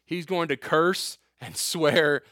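A man with a slightly high voice gives a casual sermon to a youth group in a room. He reads scripture aloud and breaks in with joking asides. The sound is dry and close. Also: slow, bright, forceful tone, no echo. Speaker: youth pastor.

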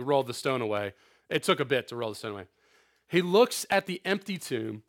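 A young man preaching a sermon to a youth group, conversational and animated, with frequent asides. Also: medium pitch. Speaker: youth pastor.

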